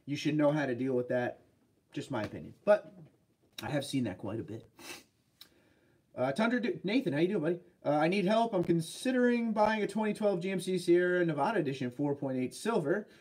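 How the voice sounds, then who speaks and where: Speaking briskly with lively intonation, this man has a slightly high, darkish voice with a breathy edge. He's from New England, has a Boston accent and a head cold, and runs a relaxed livestream where he reads chat comments out loud and fields viewers' truck questions.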